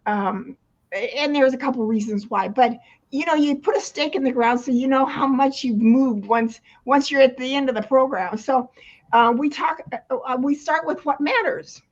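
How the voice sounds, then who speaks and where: A woman's voice: high voice, normal speed. An older woman, a retirement coach, talking casually in an interview, rambling with many restarts and frequent laughs. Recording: dull lo-fi sound.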